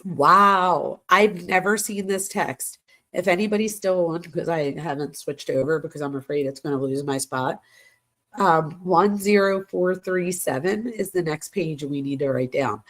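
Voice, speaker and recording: A woman's voice: lowish voice, a little slow, a bit bright. A woman hosting a true crime show, reading text messages aloud and breaking in with shocked asides. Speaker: true crime host and psychology professor.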